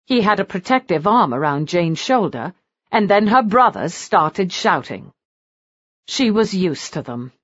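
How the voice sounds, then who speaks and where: A woman with a low voice reads a historical romance audiobook with animated, expressive swings in pitch. The recording is dry and close, with a slightly dull tone. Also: a little slow, dry recording. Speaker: audiobook narrator. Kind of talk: scripted romance narration.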